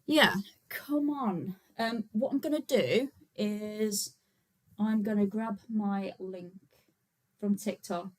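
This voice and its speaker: A woman's voice: medium pitch, takes it slowly. Chatty woman livestreaming. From Birmingham, England. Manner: chatty and informal, many fillers, talks to viewers while setting up. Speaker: livestream host, vegan activist. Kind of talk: casual livestream chat.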